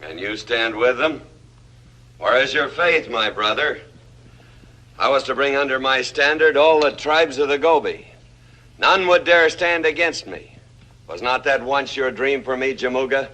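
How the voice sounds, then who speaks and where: An actor playing a proud, domineering Mongol warlord, with stiff, declamatory 1950s film delivery. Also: male voice, mid-range voice, unhurried, bright, forceful tone. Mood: commanding.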